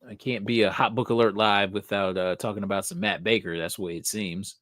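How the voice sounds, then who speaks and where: A man hosting a casual live stream, thinking aloud, swearing casually and getting excited. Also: lowish voice, brisk, no room sound, studio quality. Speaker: host of a comic book live show.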